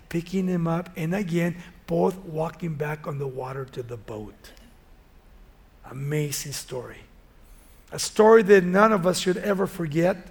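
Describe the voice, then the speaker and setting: Male preacher, high and gravelly voice, lively chatty sermon delivery. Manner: animated, conversational retelling of a Bible story.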